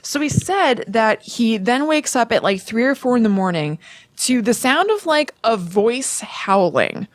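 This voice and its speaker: A woman's voice: fairly high pitch, sing-song, measured pace, no room sound. Chatty young woman retelling a ghost story. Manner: chatty, filler-heavy retelling with frequent "like". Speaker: podcast co-host. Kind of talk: casual storytelling chat.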